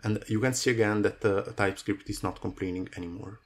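Guy walking thru code, lowish voice, lots of uhs, keyboard typing behind him. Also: fairly even intonation, brisk. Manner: talks through code with many fillers. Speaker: coding tutorial host. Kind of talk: screen-recorded coding tutorial.

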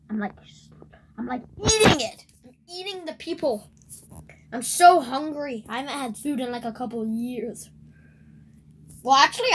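A woman hosting a let's play video, rambling and excitable, shrieking whenever something surprises her in the game. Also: a little high. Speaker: gaming video host.

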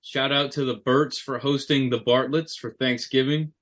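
A man's voice: medium pitch, fairly even intonation, normal speed, a bit bright. A man co-hosting a podcast in casual chat, joking and teasing his partner. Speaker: podcast co-host.

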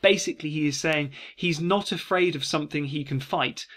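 A man, a teacher giving a casual revision lesson and reading quoted lines with lively emphasis. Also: on the high side, a little fast. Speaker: English teacher.

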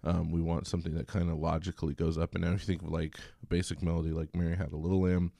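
A man giving a recorded college music lecture in a relaxed, chatty way, singing short examples. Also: deep voice, a little fast, creaky, no echo, studio quality.

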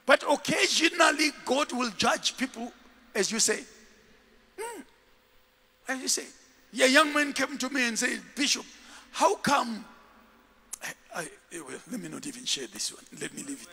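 A man preaching a sermon as a bishop, dramatic and animated, jumping from shouts to low murmurs. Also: measured pace, vocal fry, pauses often, breathy edge, in a large hall.

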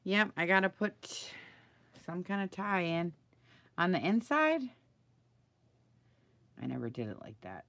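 A woman's voice: lowish voice, sing-song, a little slow, pauses often, a bit bright, no room sound. A middle-aged woman chatting and thinking aloud while she works on a craft project, asking her viewers for advice as she goes. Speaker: craft video maker. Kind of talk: chatty live crafting video.

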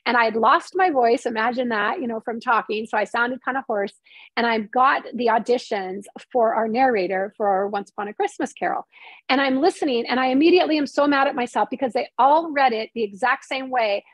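A woman with a fairly high voice tells stories in a casual interview, animated and quick, often restarting her sentences. The sound is dry and close. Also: no echo, rough recording. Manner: animated, fast storytelling with many restarts. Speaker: screenwriter and novelist guest.

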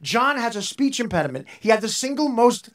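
A man telling profane, comic stories as a guest, talking in animated bursts that often break into shouting. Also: very high-pitched, fairly quick, slight background noise. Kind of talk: profane comedic storytelling.

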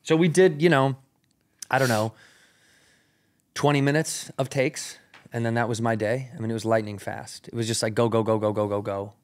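A man's voice: mid-range voice, fairly even intonation, normal speed, long pauses. A man, a comedian guest on a podcast, telling a long story in casual, slang-heavy, swearing chat into a studio mic. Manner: loose and slangy, peppered with "like" and "rad", swears freely.

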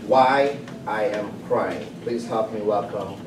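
A man acting as the meeting emcee, giving a formal introduction of the next speaker in a measured, announcing way. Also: on the low side. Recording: echoey room, distant mic, background noise.

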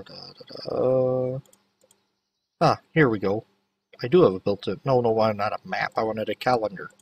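A man's voice: medium pitch, recorded from a distance. A man giving casual gameplay commentary, chatting to the characters as he plays. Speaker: let's play host.

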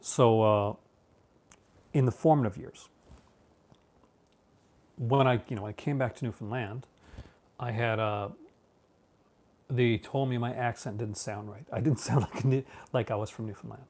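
A man's voice: medium pitch, steady tone, unhurried, pauses often, darkish tone. A man from Canada, around his thirties, talks casually to his viewers. His speech wanders, full of fillers, restarts and easy laughter. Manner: rambling, many restarts and fillers, laughs often. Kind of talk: casual chat, answering viewers.

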